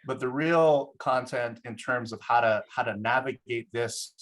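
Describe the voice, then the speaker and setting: A man from Samoa, presenting a course in a relaxed, joking way, chuckling often and using lots of fillers. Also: medium pitch, unhurried. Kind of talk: casual presentation with anecdotes.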